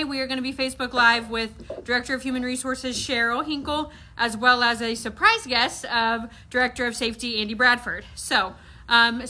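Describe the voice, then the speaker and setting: A woman opens a company livestream in a casual, upbeat way, greeting viewers by name. Her voice is high and bright, with plenty of fillers along the way.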